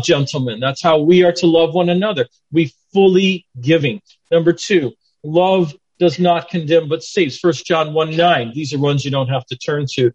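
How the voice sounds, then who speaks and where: An older man giving a plainspoken, earnest sermon to men in a conversational way. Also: on the high side. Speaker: lay preacher teaching men. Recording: dull lo-fi recording.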